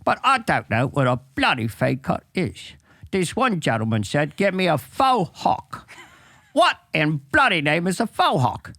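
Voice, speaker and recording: A man impersonating a grumpy ninety-year-old male barber, talking slowly and gruffly. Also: a little high, very animated, sharp tone, no room sound, studio quality, full character voice. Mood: grumbling. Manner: slow, gruff, swearing.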